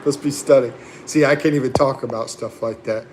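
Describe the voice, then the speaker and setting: A man's voice: mid-range voice, fairly even intonation, fairly quick, noisy background. A man hosting a casual livestream, reading viewer comments aloud and chatting back with laughs and fillers. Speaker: livestream host.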